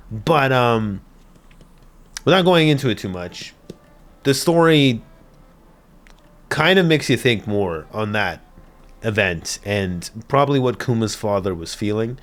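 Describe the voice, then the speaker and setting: A man hosting an anime reaction video, chatting casually, swearing and laughing often as he rambles with lots of fillers. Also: lowish voice.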